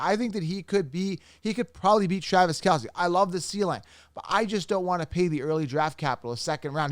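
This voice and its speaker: A man's voice: high voice, no echo, clean studio sound. Emphatic man ranting on a podcast. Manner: emphatic, repetitive, mocks imagined critics. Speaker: fantasy football podcast host. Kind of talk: opinionated podcast rant.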